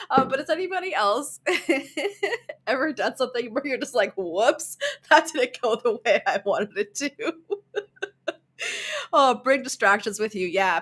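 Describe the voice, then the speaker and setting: A woman's voice: medium pitch, pushed and bright. A woman hosting a casual livestream, chatty and giggly as she tells stories and answers viewers. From Canada. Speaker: livestream host.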